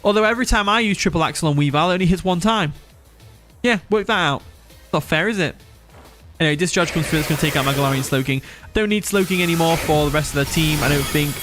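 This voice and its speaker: A man's voice: a little high, fast talker, fairly bright tone, soft background music. Chatty man streaming a game. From Nottinghamshire, England. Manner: chatty, laughs often, reads chat aloud. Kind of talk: live game commentary with chat.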